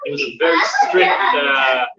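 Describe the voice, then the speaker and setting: A man teaching a class to a live audience, telling stories in a halting way with many repeated words and restarts. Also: on the high side, heavy background noise. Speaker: teacher giving a weekly class. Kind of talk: storytelling in a religious class. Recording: distant, dull, roomy with audience.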